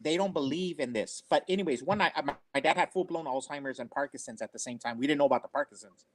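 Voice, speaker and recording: Earnest older man, slightly high voice. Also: fast talker, a little hiss or hum. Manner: earnest, rambling, repeats himself. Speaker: storyteller on a family talk show. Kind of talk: casual personal storytelling.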